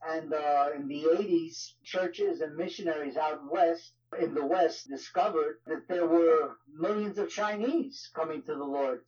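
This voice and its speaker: A man with a New York accent speaks as an interview guest, his voice sitting a little high. He talks loosely and conversationally, leaning on filler phrases. The audio sounds dull and lo-fi. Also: a little slow, hardly any pauses, darkish tone. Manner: conversational, frequent "you know" fillers. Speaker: guest, ministry leader. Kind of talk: casual interview talk.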